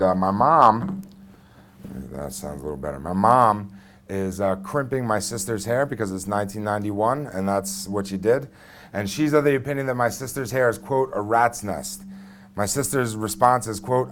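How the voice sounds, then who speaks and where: A man's voice: on the low side, a bit bright. A man in his thirties telling a personal story on stage into a microphone, conversational and blunt with frequent fillers. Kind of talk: live first-person storytelling.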